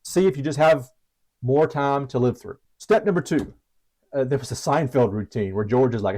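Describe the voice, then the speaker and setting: A man's voice: mid-range voice, normal speed, dark tone, low-quality recording. A man teaching about trading strategies in a casual, chatty way, self-deprecating with frequent restarts and asides. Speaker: trading educator.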